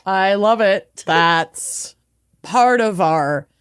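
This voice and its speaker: A woman's voice: medium pitch, animated, drawn-out words, clear, resonant tone, no echo, studio quality. A woman co-hosting a true crime podcast, from Minnesota, chatting casually and laughing often. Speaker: podcast co-host. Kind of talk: casual chat.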